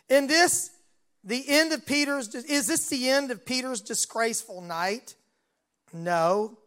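A man's voice: very high-pitched, slow, sharp tone. A man preaching a sermon and retelling a Bible story, voicing its dialogue along the way.

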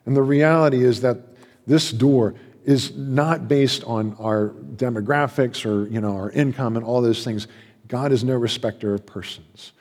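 A man preaching a sermon as a pastor, passionate, swinging between loud emphasis and hushed asides. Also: medium pitch, normal speed. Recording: long hall reverb.

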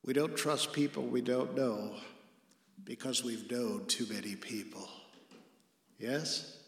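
Male pastor, slow deliberate sermon delivery, earnest with hushed emphasis, long hall reverb. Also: medium pitch. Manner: earnest preaching, dropping to a hush for emphasis.

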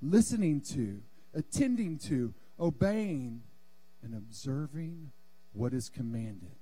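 A man's voice: medium pitch, expressive, slow, dark tone, husky, no room sound. A male pastor preaching a sermon in a church sanctuary, fervent and calling on the congregation to answer back.

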